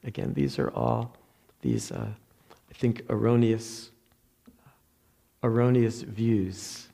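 A man with a New Jersey accent giving a reflective Zen dharma talk, halting with many pauses, fillers and restarts. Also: mid-range voice, gravelly, dark tone. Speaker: Zen meditation teacher.

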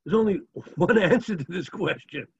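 A man's voice: sits high, moderate pace, gravelly, breathy edge, exaggerated voice. A man voicing a startled, indignant small-town rabbi who exclaims at a thief, heard on a dull lo-fi recording.

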